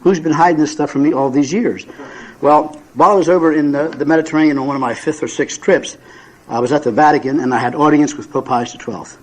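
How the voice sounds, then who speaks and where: A man in his seventies with a fairly high voice, spinning self-mocking stories for a room of listeners. He talks in a folksy, unhurried way, stumbling through plenty of "uh"s and repeated words along the way. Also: darkish tone, rough recording. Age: 70s. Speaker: recovery meeting speaker. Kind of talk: humorous personal storytelling to an audience.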